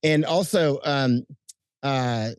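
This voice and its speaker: A middle-aged man chatting outdoors at night as an interview guest, telling animated stories with frequent restarts and chuckles. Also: medium pitch, slow pace, clear, resonant tone, no room sound, studio quality. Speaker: interview guest, combat correspondent. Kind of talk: casual interview chat. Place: outdoors at night under lights.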